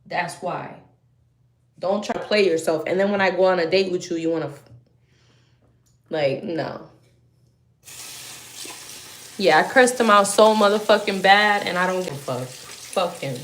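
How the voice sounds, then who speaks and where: A young woman tells her story as a heated, profane rant. She flares into loud bursts, then drops to low muttering. Her voice rings around a roomy, echoey space. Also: a little slow, long pauses, slight background noise.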